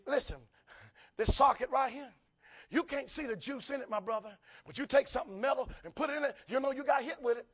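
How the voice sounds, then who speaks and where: A male preacher, delivering a revival sermon that swells into fervent shouts. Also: very high-pitched, a little fast, breathy edge. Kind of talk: revival sermon, chanted and sung. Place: church revival service.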